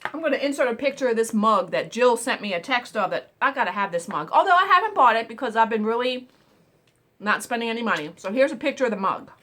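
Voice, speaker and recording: A woman hosting a casual storytelling vlog, animated and exclamatory, swearing now and then while she eats. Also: fairly high pitch, quick pace. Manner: eating while talking. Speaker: vlog host.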